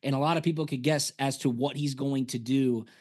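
A former punter co-hosting a casual sports podcast, telling stories and acting out quotes. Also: male voice, mid-range voice, brisk. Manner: animated storyteller, acts out quotes.

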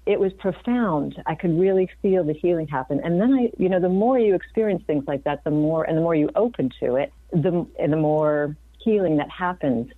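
Low-voiced woman in her fifties, earnest. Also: normal speed, few pauses, no room sound. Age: 50s. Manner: earnest, reflective, with frequent restarts. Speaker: guest physician. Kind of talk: conversational interview. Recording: dry, phone-like remote audio.

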